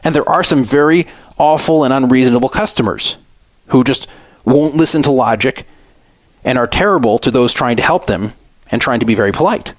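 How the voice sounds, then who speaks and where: A middle-aged man on the radio delivers a grievance-filled account of a frustrating trip to a store, acting out the back-and-forth. His mid-range voice is brisk, with no echo.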